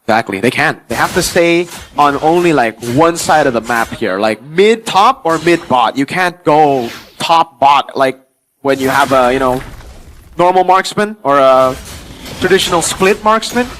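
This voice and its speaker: A man giving chatty, excitable color commentary on an esports match. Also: fairly high pitch, unhurried, a little hiss or hum, low-quality recording. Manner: chatty, excitable, filler-heavy analysis. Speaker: esports analyst.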